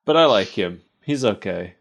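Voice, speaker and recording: A man's voice: fairly low pitch, expressive, normal speed, vocal fry. A man co-hosting a podcast, chatting casually and laughing often between wry asides. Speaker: podcast co-host. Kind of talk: casual chat.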